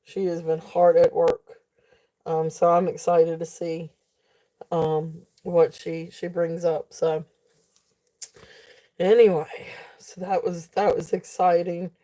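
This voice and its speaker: A woman's voice: lowish voice, level tone, takes it slowly, long pauses, warm tone. Sleepy, chatty woman live-stream host. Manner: chatty, rambling, laughs often. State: sleepy, yawning. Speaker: live jewelry sale host. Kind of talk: casual live-stream chat.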